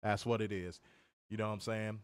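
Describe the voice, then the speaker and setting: A man's voice: on the low side, little pitch movement, a little fast, smooth. A man with a Chicago accent hosting a casual wrestling review show, ranting and swearing in heated bursts. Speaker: podcast host.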